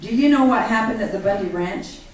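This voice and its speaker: A woman's voice: a little high, fairly quick. Woman telling her story in an echoey hall. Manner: earnest, animated storytelling that acts out others' words. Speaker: speaker at a public gathering. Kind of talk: personal account told to a live audience. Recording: echoey hall from far off, faint hiss.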